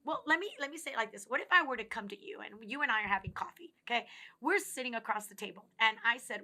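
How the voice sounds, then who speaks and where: Bright fairly high woman coaching folks through a self-growth talk, earnest, talks right to you, dips almost to a whisper sometimes. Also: expressive, quick pace. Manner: earnest, coaching, addresses the listener directly. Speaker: speaker on personal growth. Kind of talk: reflective motivational talk.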